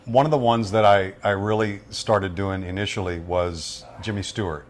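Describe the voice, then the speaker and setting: A man's voice: fairly low pitch, steady tone, moderate pace, a little hiss or hum. A middle-aged man from Louisiana, a radio voice-over artist, telling stories casually in an interview with frequent restarts. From Louisiana, USA. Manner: chatty, rambling with frequent restarts.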